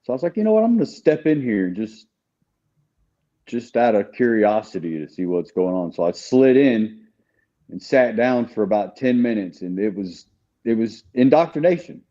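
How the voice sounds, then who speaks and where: A man's voice: medium pitch, animated, moderate pace, mellow, lo-fi sound. A man speaking as a guest in a casual conversation, recounting his experiences in an earnest, candid way. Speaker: guest telling his story.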